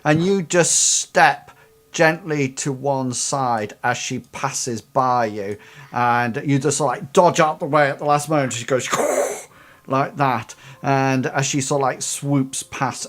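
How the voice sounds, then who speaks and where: A game master narrating a tabletop game, halting with lots of fillers and laughter. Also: medium pitch, fairly even intonation.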